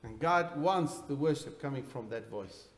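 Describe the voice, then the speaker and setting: A man preaching a sermon in a church, swinging between loud emphatic bursts and quiet, intense passages. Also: medium pitch, animated, normal speed, a little hiss or hum. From South Africa. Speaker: pastor.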